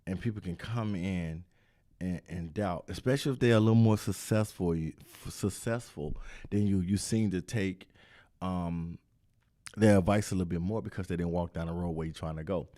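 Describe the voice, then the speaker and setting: A man's voice: sits low, dark tone. A man hosting a casual chat, talking in loose, repetitive street slang. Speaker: host.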